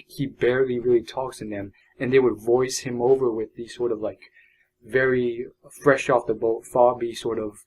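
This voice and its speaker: A man's voice: medium pitch, low-quality recording. A young man talking in a loose, unscripted vlog monologue, rambling with many fillers and restarts. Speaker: vlogger. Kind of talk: unedited casual vlog monologue.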